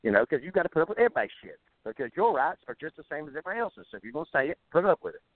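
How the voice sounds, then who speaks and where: Rapid-fire and very animated, a slightly high-voiced man with a rural Southern-style American drawl goes on a blunt, profanity-laden rant. He's a musician guest in a phone interview, stumbling and restarting often, heard over a tinny, dry phone line.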